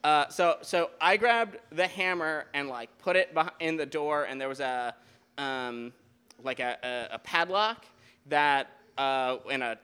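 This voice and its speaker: A man telling a true story live on stage at a beer garden show, in a rambling, animated way with many restarts and fillers. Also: on the high side, a little slow, clear, resonant tone.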